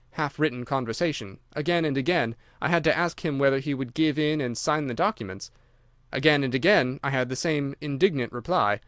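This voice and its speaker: Steady male audiobook narrator, dry sound. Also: mid-range voice, no room sound. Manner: measured, steady storytelling. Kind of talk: scripted narration.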